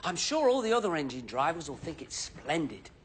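A cheerful, eager-to-please station helper, chattering to himself as he potters about. His voice leaps around with lively, sing-song ups and downs. He stays very polite and scripted, in the manner of children's television. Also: on the high side, brisk, very noisy. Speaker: children's show presenter.

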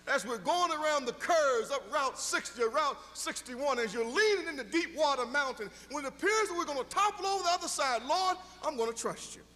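High, lively storytelling preacher man. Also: fairly quick, few pauses, in a large hall. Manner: storytelling preacher, rising to emphatic exhortation. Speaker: pastor. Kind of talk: sermon.

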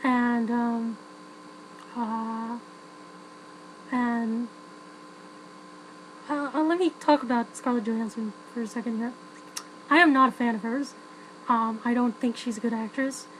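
Woman reviewer, casual and opinionated, slightly high, low hum on the track. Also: steady tone, unhurried, long pauses, poor audio. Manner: chatty, frank, many fillers and restarts, laughs often. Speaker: film reviewer. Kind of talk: casual spoken film review.

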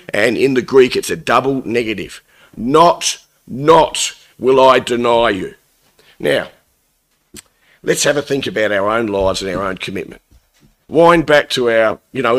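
A man's voice: medium pitch, a bit bright. Earnest male lay preacher. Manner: earnest, conversational, quotes scripture and translations. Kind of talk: Bible talk, thought for the day.

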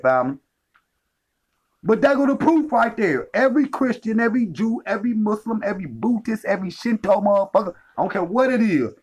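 A man giving a profane, emphatic livestream lecture, repeating his points and calling listeners family. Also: high-pitched. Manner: emphatic, profane, repetitive street talk.

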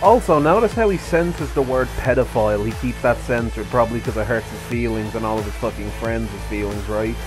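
Angry male commentator, profane, sarcastic, heated rant, mid pitch, faint music behind. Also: brisk, few pauses. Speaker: commentary video host.

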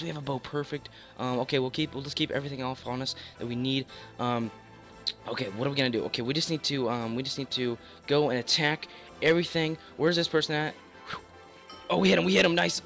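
A young man giving live gameplay commentary, hoarse with a worn-out voice, excitable, repeating phrases and yelping as he plays. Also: fairly high pitch. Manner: excitable, repeats phrases, yelps and laughs mid-sentence. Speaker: gaming YouTuber.

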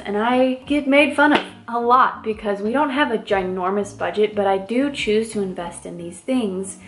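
Woman, 30s, Midwestern, upbeat chatty vlogger, middle pitch, echoey room. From American Midwest. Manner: chatty and upbeat, frequent "like" fillers. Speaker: lifestyle vlogger. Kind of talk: casual chat to camera. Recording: roomy echo with faint music.

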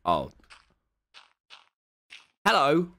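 A man streaming a game, talking loudly in rowdy, mock-angry outbursts. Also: on the high side, wildly swooping pitch, extremely slow, gravelly. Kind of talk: excitable gaming chatter.

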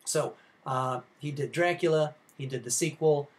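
A man's voice: a little high, moderate pace. A man giving a film history class lecture, talking loosely with many fillers and restarts.

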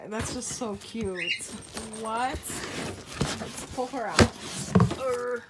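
A woman's voice: fairly high pitch, steady tone, slow, very noisy. A woman vlogger in casual unboxing chat at home, gushing and exclaiming often, trailing off mid-sentence. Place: home with a pet bird.

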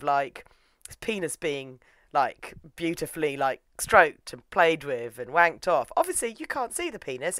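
A young woman talks through an anime in a casual, wry way. Her voice sits low for a woman, and the recording is dry and close. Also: no room sound. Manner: chatty, wry and animated, acting out characters. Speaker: anime reviewer. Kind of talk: casual comedic review.

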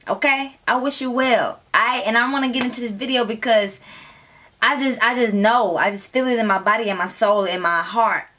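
A woman's voice: on the high side, pushed and bright, a little hiss or hum. A woman hosting a music reaction video, talking in a flirty, playful and crude way, sometimes dropping to a whisper. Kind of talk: casual reaction commentary.

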